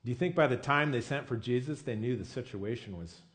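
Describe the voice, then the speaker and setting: A pastor delivers a sermon in a relaxed, conversational style, frequently posing questions to his listeners and peppering his speech with "I mean" and "you know." His voice sits at a medium pitch, brisk and fairly bright.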